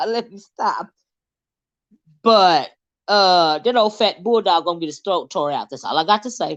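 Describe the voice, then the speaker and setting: A woman's voice: medium pitch, moderate pace. A woman chatting casually and teasingly with viewers on a livestream. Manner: animated, teasing, Southern-style banter. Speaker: livestream host. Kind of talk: casual live chat with viewers. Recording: slightly dull lo-fi stream audio.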